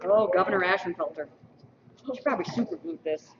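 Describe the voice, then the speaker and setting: A woman's voice: lowish voice, a little fast, far from the mic, background noise. A woman emceeing a school mock election, reading out results and tossing in playful trivia asides to an audience. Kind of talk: lively announcing to an audience. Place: school hall. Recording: dull lo-fi stream, roomy hall from afar.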